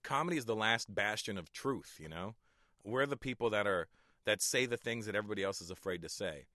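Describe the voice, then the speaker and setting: Middle-aged male comic guest, lowish bright voice, dry close sound, easygoing anecdotes with chuckles. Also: fairly quick, dry recording. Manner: chuckles often, relaxed storytelling. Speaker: stand-up comedian, guest. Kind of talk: casual interview talk.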